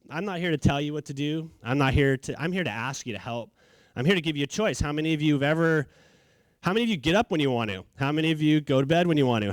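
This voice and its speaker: A middle-aged man from California telling his story in a casual, animated way, acting out what people said. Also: mid-range voice, dry recording. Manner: casual, animated, acts out quotes. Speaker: charity founder, speaker. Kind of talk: storytelling talk.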